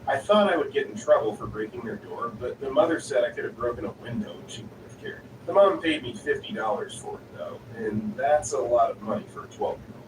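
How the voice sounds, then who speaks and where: A man's voice: medium pitch, lively intonation, fairly quick, few pauses. A man reading stories aloud in a plain storytelling delivery. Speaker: story narrator. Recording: roomy, distant, noisy.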